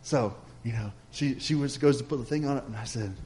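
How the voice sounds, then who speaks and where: A man's voice: mid-range voice, brisk, darkish tone. A man preaching a sermon, telling a story in a folksy, chatty way and speaking straight to the congregation.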